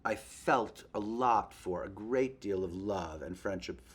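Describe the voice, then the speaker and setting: A man hosting a show, chatting in a gossipy comic monologue to a puppet and breaking into quick impressions. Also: lowish voice, husky. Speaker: host.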